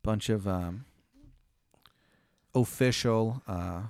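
Guy riffing a goofy made-up story, over the top and sweary, smooth clear voice, dry sound. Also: fairly low pitch, drawn-out words, a little mellow, no echo. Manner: rambling, hyperbolic, profane. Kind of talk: improvised comedy storytelling.

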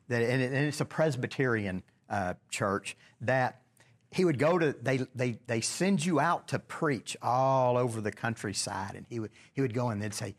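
Male Bible study leader, conversational, questions the group, frequent restarts. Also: medium pitch. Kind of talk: casual Bible study discussion.

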